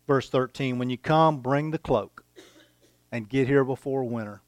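A male pastor delivers a sermon at an unhurried, deliberate pace, letting phrases land with pauses between them. His voice sits at an ordinary pitch and sounds close and dry, with little room around it. He reads scripture aloud and breaks off to explain it to his congregation. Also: no room sound. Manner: slow, deliberate preaching with dramatic pauses, reading scripture aloud.

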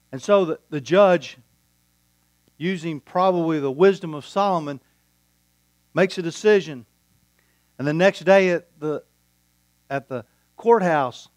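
Slow, higher-voiced male preacher. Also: no echo. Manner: storytelling with quoted dialogue, deliberate pauses. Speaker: pastor. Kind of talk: sermon.

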